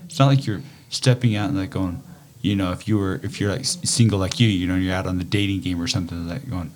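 A middle-aged man with a fairly low voice talks in a loose podcast conversation. He tells stories and slips into acted-out quotes, leaning on plenty of fillers along the way. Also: quick pace. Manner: animated storyteller, acts out quotes, many fillers. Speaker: podcast co-host, father. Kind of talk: casual conversation.

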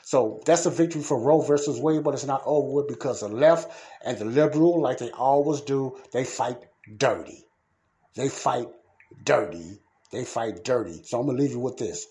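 A man hosting his own podcast, talking in a fervent, repetitive way that moves between heated ranting and quiet, earnest preaching. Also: medium pitch, moderate pace. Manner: fervent, repetitive, shifts from ranting to soft pleading. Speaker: podcast host. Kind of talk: casual preaching monologue.

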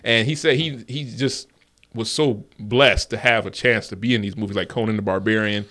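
A man's voice: lowish voice, fairly even intonation, moderate pace, sharp tone. A man co-hosting a podcast, chatting about movies in a loose, rambling way with lots of ums and restarts. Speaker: podcast co-host. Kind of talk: casual movie chat.

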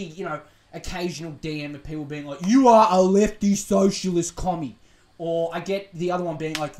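Profane rambling Australian podcast host. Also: male voice, sits high. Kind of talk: casual ranting monologue. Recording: echoey room.

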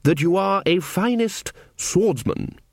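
A man voicing a blustering older male wizard chief who stammers and raises his pitch in an audiobook. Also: lively intonation, slow, vocal fry, no echo, studio quality, full character voice. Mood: bluff.

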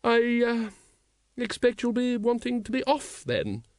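A man doing a tired, bitter captain of the city watch, gruff and dry in his speech. His voice moves lively up and down, read close on a dry audiobook mic. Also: very high voice, unhurried, no room sound, pitched above the performer's own voice, heavily acted. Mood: awkward. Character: weary, bitter sacked male watch captain.

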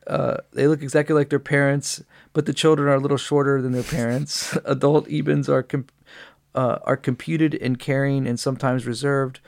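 A man's voice: medium pitch, darkish tone. Male podcast co-host, casual read-aloud, stumbling and giggly. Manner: giggly, breaks into helpless laughter while reading.

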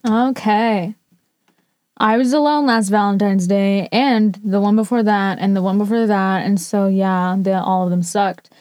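A woman reacting to read-out stories in a slow, unhurried drawl, blunt and sarcastic and quick to swear. Her voice is mellow and close, with a dry, deadened sound. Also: medium pitch, fairly even intonation, no room sound. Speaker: storytime reactor. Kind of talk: casual commentary on read-out stories.

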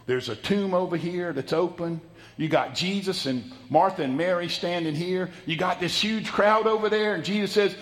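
Male pastor, folksy sermon delivery, higher-pitched voice, dramatic loud-soft swings. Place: church sanctuary.

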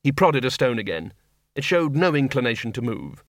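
A man narrating an audiobook with a wry, expressive reading. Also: medium pitch, normal speed, no room sound, studio quality.

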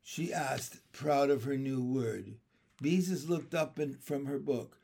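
A man reading a children's chapter book aloud in an expressive, lively storytelling manner. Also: medium pitch, takes it slowly, creaky. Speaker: reader.

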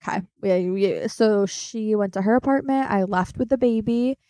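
A woman's voice: mid-range voice, normal speed, mellow, no room sound. Blunt, profane young woman storyteller. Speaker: podcast co-host. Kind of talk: casual podcast chat.

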